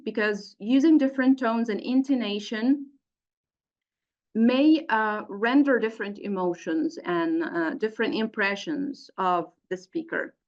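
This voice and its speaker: Female teacher trainer, online lecture, slow and methodical, demonstrates with examples, muffled webinar audio. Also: mid-range voice. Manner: deliberate, spells out points and demonstrates stress and tones aloud. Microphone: computer mic for an online webinar.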